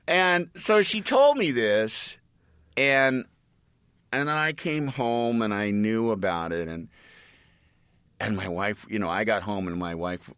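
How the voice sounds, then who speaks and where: A man's voice: on the low side, slow, a bit bright, clear, resonant tone, dry recording. A middle-aged man in casual chat, telling family stories in a rambling way with many restarts.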